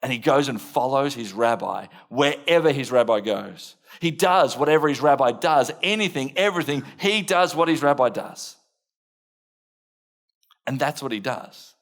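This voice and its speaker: Casting: Australian male preacher, in character as a blunt, impulsive fisherman disciple, first-person sermon monologue, mid-range pitch. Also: expressive, moderate pace. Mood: earnest. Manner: earnest first-person storytelling with laughs and self-mockery.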